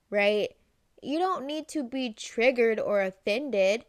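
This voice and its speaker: A woman talks through self-help advice in a loose, conversational vlog style, often tossing in "right?" and quickly acting out little exchanges. Her voice sits a little high. The sound is close and dry, with no room echo. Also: animated. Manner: chatty, acts out quick dialogue snippets, frequent "right?". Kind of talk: casual direct-to-camera advice.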